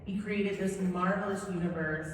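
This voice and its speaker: At a fan convention Q&A, a middle-aged woman from Southern California who works as a voice actor shares stories, chatting animatedly and poking fun at herself. Her lowish voice moves at a moderate pace, distant in an echoey hall with a little hiss or hum.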